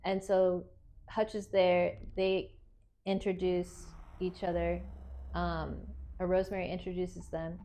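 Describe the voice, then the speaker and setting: A woman's voice: on the low side, level tone, slow pace, warm tone, a little hiss or hum, rough recording. A woman co-hosting a casual film review podcast, retelling scenes with animation and acting out the characters' lines. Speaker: podcast co-host.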